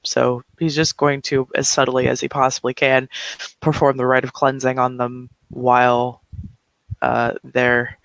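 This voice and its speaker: A man playing a tabletop role-playing game, halting through his character's actions with fillers and short laughs. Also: mid-range voice, monotone, creaky, fairly bright tone, no echo, rough recording. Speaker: player.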